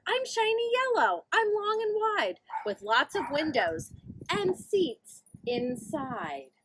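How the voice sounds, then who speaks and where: A woman voicing a kind, motherly female school bus in a storybook, sing-song and gentle. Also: very high voice, sing-song, takes it slowly, noisy background, voice pushed up, full character voice. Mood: kindly.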